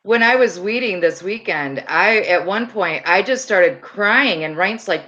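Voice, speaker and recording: A woman on a live-stream panel, telling stories in an animated way and acting out the dialogue over a video call. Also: medium pitch, measured pace, highs cut off. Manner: animated storytelling that acts out quoted dialogue. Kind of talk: casual chat on a live stream.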